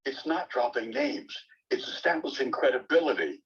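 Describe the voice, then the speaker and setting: Husky older man telling rambling stories. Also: mid-range voice, moderate pace. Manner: rambling, animated, repeats words when starting sentences. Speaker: sportscaster guest. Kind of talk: anecdotal storytelling conversation. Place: bookstore event. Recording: distant, dull lo-fi audio.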